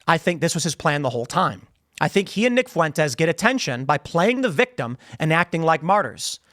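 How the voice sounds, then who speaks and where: Speaking directly into a studio microphone, a podcast host launches into a mocking monologue against his critics. His high voice swings widely in pitch at a brisk pace, with a somewhat bright tone. He repeats himself for effect.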